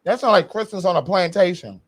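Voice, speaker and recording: A man's voice: high voice, expressive, fairly quick, slightly rough. A man hosting a casual chat, sassy and strongly opinionated. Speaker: host.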